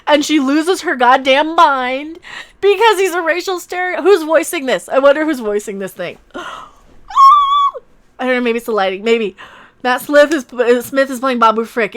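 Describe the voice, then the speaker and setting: A woman hosting a casual livestream, commenting in a sarcastic, mocking way, laughing often and swinging between loud outbursts and mutters. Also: high voice. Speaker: YouTube channel host.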